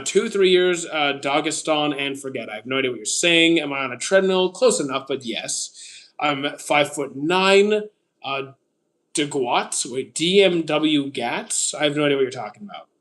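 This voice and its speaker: A man in his thirties from Canada chats casually with his livestream audience. His voice sits a little high for a man. He picks up viewer questions one at a time and answers them in short, plain replies, often with an "uh" before he starts. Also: fairly bright tone. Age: 30s. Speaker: streamer answering chat.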